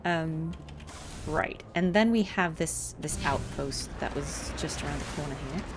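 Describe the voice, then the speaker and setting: A woman's voice: deep voice, a little slow, background noise. A woman voice actor chatting through a game with lots of fillers and rambling asides. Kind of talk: casual let's-play commentary. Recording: game sounds under the voice.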